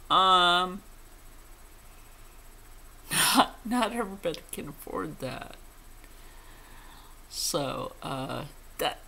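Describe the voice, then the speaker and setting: A woman's voice: fairly low pitch, vocal fry, bright, forceful tone. A woman vlogger chatting casually to her viewers, blunt and opinionated, swearing freely. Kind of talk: casual chat to camera.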